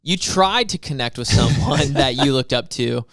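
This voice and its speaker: A young man co-hosting a podcast in casual chat, chiming in with quick agreement and asides. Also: medium pitch, animated, a bit bright, no echo, clean studio sound. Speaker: podcast co-host.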